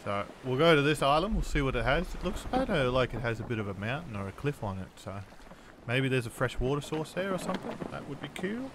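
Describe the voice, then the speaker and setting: A male gaming host talks through a survival game in casual commentary, easily startled and full of sudden exclamations. His voice sits at an ordinary middle pitch. A faint hum of noise runs underneath. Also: sing-song, brisk. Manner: jumpy, exclaims often at scares. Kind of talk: casual let's-play commentary.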